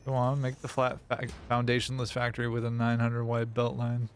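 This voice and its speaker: A man's voice: medium pitch, completely flat delivery, fairly quick, a little hiss or hum. A man livestreaming a game, chatting casually with his viewers and reading their messages aloud, with playful mock-dramatic whining. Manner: reads chat messages aloud. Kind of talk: casual gaming livestream chat.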